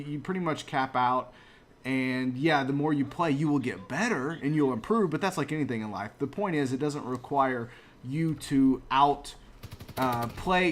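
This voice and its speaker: A fairly high-pitched man, a gaming channel host in his late thirties, keeps up casual, upbeat gameplay commentary, chatting, encouraging, and chuckling at his own mistakes. A faint hiss or hum runs under the recording.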